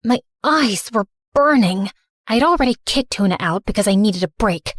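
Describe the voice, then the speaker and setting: A woman narrating in first person as a remorseful, misunderstood teenage girl, earnest and soft. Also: mid-range voice, animated, normal speed, dry recording, studio quality, natural voice. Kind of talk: scripted story narration.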